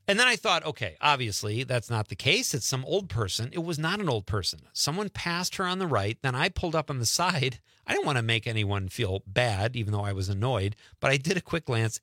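A man hosting a casual radio show, telling stories in an animated way and often laughing. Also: medium pitch, brisk, few pauses, no room sound, clean studio sound. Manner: animated storyteller, exclaims and laughs. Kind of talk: casual on-air chat.

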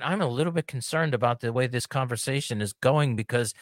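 A man's voice: mid-range voice, a little fast, no echo, clean studio sound. A man hosting a radio talk show, talking casually and with enthusiasm, laughing often. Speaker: radio host.

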